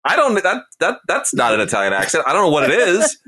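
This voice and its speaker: Animated bright-voiced man reviewing films. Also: on the high side, fast talker. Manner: animated, emphatic, jokey opinions. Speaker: co-host. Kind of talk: casual movie review chat.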